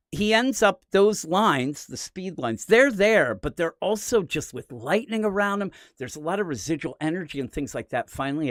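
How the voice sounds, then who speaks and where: A man co-hosting a casual comic review podcast, talking in an animated, rambling way. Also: medium pitch, no room sound, studio quality. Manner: animated, rambling, quick to laugh. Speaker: podcast co-host.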